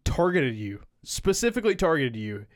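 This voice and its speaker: Teasing man, slightly high voice. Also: big pitch swings. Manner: quick to joke, teasing. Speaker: podcast co-host. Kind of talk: casual chat.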